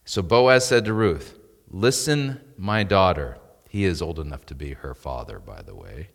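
A man's voice: low voice, animated, a little slow, gravelly, in a large hall. A man preaching an expository sermon in a church, reading scripture and breaking off into asides and rhetorical questions. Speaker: pastor.

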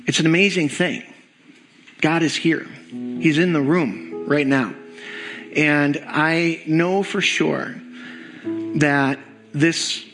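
A man speaks as a pastor in a slow, deliberate, earnest way, leading his church in prayer. His voice sits a little high. Faint instrumental music plays under his words. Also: poor audio. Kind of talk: sermon prayer. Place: church sanctuary.

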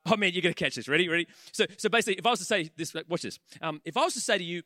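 A man preaching a sermon in church, animated and conversational, acting out the voices of the people he talks about. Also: high-pitched, very fast, few pauses, no echo, clean studio sound.

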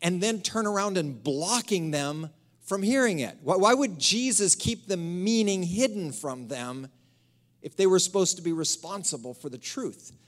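Man, pastor, sermon, raised pitch, dynamic preaching, hushed emphasis. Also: lively intonation, moderate pace. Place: church sanctuary.

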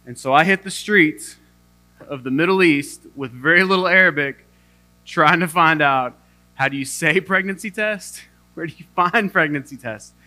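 A man's voice: a little high, normal speed, bright, forceful tone, soft background music. A young adult male pastor giving a sermon, telling a self-deprecating story with humor.

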